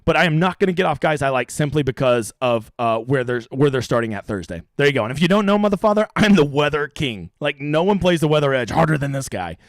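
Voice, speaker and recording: A man's voice: fairly high pitch, animated, fast talker, few pauses, dry recording, clean studio sound. A brash young man hosting a profane, rambling live stream about fantasy golf strategy.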